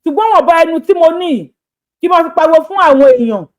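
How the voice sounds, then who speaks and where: A Nigerian woman making an impassioned plea to camera, begging repeatedly and shifting between rapid talk and slow, drawn-out appeals. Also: very high voice, expressive. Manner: pleading, begging, repetitive. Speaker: social media creator.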